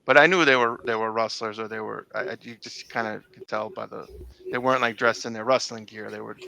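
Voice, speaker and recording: A man's voice: fairly low pitch, steady tone, brisk, creaky, sharp tone, low-quality recording. A middle-aged man recalling old times in a casual interview, rambling with many fillers and restarts. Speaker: interview guest.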